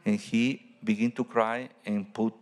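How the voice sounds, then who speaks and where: A man, a Catholic priest, giving a homily in halting English and searching for his words. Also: on the low side, flat delivery, darkish tone, in a large hall.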